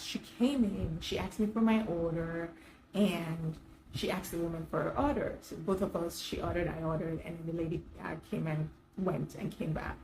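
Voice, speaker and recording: A woman self-care coach chatting straight to her viewers, telling a story with animated asides and frequent laughs. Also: lowish voice, a little hiss or hum, low-quality recording. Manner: animated, laughs often while telling stories. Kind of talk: casual storytelling vlog.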